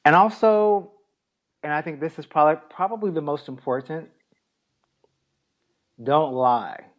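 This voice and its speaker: A man co-hosting a casual podcast, giving relaxed advice point by point and laughing lightly. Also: on the high side, a little slow, dull audio. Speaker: podcast co-host.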